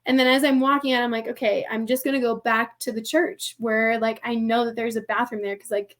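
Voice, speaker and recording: A young adult woman telling a personal story as a podcast guest, chatty and animated, filling her speech with "like" and acting out quoted voices. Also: a little high, a little fast. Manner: animated, heavy use of "like", acts out quoted voices. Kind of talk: casual storytelling.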